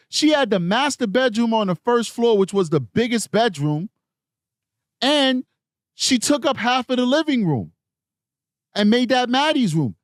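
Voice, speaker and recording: A man's voice: high voice, no echo, studio quality. A man hosting a true crime livestream, commenting emphatically and repeating his points while reading live chat. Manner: emphatic, repetitive, argumentative.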